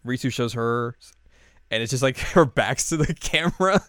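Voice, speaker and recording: Smooth-voiced man recapping with laughs. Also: mid-range voice, normal speed, no room sound. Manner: laughing, animated retelling of an episode. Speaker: podcast co-host. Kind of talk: casual chat.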